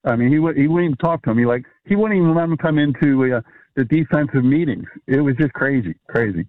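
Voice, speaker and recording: A man's voice: medium pitch, animated, fast, no room sound. Man telling a story over a tinny phone line. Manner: rambling, many fillers and restarts. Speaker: caller or guest telling a story. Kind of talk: casual storytelling.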